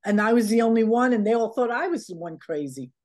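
A woman's voice: a little high, fast talker. Woman telling stories with laughter. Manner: animated, laughs often, acts out quoted dialogue. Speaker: interview guest. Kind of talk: casual anecdotal storytelling.

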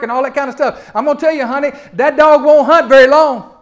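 A male pastor, preaching a folksy sermon that swings from loud to hushed and often repeats his opening words. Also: extremely high pitch, fast. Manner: repeats words when starting sentences.

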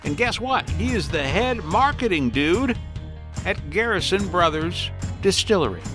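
Lively, upbeat male podcast host. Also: high-pitched, measured pace, music in the background. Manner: folksy, upbeat, lively intonation. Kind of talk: casual interview hosting.

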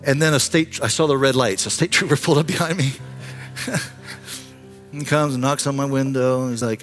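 Pastor, man in his 60s, earnest sermon storytelling, impassioned to hushed, faint music behind. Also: medium pitch, moderate pace, long pauses. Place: church sanctuary.

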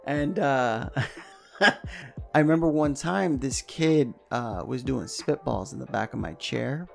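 Young man, from New York, gravelly voice, swearing storyteller, podcast chat, faint music behind. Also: mid-range voice, lively intonation, takes it slowly, darkish tone. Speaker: podcast co-host. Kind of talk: casual chat.

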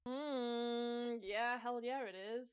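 Upbeat laughing woman, fairly high voice. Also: fairly even intonation, takes it slowly, smooth. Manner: enthusiastic, laughs often. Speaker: podcast guest. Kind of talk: casual fan podcast chat.

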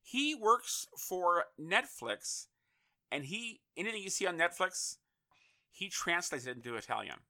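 A man's voice: high voice, sing-song, measured pace, pushed and bright. A man hosting a casual interview, rambling and repeating words as he thinks. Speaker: host.

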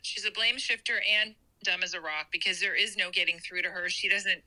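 A woman's voice: lowish voice, fairly even intonation, a little fast, sharp tone, rough recording. A woman co-hosting a podcast over a video call, giving blunt, exasperated commentary in casual chat. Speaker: podcast co-host. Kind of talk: casual chat about reality TV.

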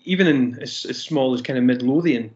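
A man from the Scottish Highlands with a Scottish accent, chatting easily as an interview guest. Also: a little fast, darkish tone. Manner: easygoing, laughs often. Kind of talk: casual interview chat. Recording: dull, lo-fi sound.

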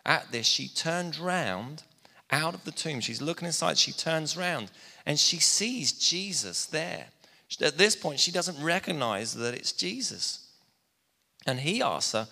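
A man delivers a sermon in a plain, conversational storytelling manner. His voice is bright and carries a long reverb, as if it fills a church hall. He speaks at a middling pitch. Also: animated, normal speed, creaky. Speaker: pastor.

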